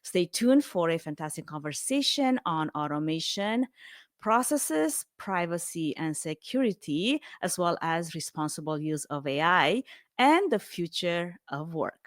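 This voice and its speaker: A woman's voice: on the low side, sing-song, measured pace, no echo, clean studio sound. A woman hosting a podcast interview, upbeat and laughing often as she chats with her guest. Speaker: podcast host.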